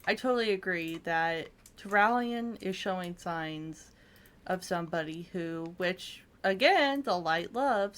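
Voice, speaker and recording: A woman's voice: lowish voice, animated, a little slow, a bit bright. A woman co-hosting a video game channel, talking in a chatty, meandering way with frequent ums and restarts. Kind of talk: casual chat.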